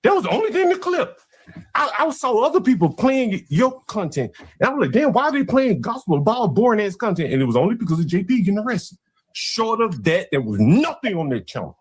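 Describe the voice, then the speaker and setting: A man's voice: sing-song, a little fast, slightly rough. A man on a live stream arguing heatedly and calling people out. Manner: confrontational, swings between high and low pitch. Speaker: stream guest.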